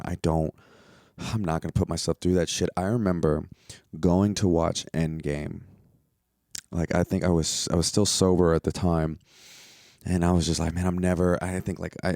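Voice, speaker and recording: A man's voice: deep voice, gravelly, darkish tone, dry recording, studio quality. A young man from the United States hosting a solo podcast, talking in a rambling, profane, exasperated way. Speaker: podcast host. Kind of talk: casual solo podcast rant.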